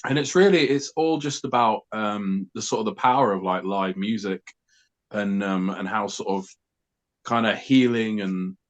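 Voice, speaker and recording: Male lyricist, lowish voice; halting, thoughtful casual talk. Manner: hesitant, full of ums and restarts. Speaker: band member and lyricist. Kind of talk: casual interview chat.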